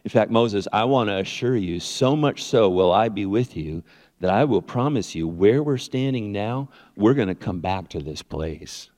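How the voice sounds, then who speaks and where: A preacher voicing a calm, reassuring God. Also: male voice, fairly low pitch, moderate pace, in a large hall, natural voice.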